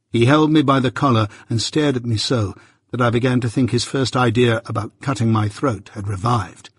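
A man narrating a story in a measured storytelling manner. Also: mid-range voice, breathy edge, no room sound, clean studio sound. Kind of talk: scripted narration.

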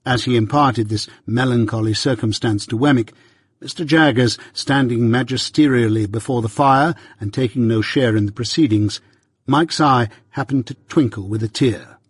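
Husky male audiobook narrator. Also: medium pitch, dry recording. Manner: measured, even reading. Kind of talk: first-person literary narration. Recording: dry close mic.

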